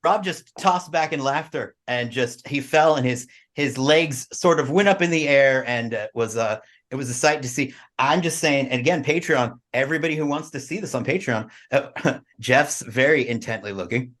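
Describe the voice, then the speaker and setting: A man co-hosting a podcast in casual chat, animated and teasing. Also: mid-range voice. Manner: animated and teasing, quick bursts. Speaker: podcast co-host.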